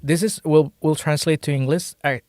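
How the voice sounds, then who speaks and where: A man's voice: a little high, steady tone, moderate pace, a little mellow, dry recording, studio quality. A young man with an Indonesian accent, a native Indonesian speaker, giving a casual language lesson, thinking aloud and hesitantly searching for his words. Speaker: language teacher.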